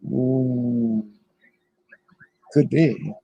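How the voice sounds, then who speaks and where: A man's voice: medium pitch, steady tone, extremely slow, creaky, mellow, highs cut off. A middle-aged man hosting a casual livestream from his RV, rambling and chuckling often as he chats with viewers. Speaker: livestream host.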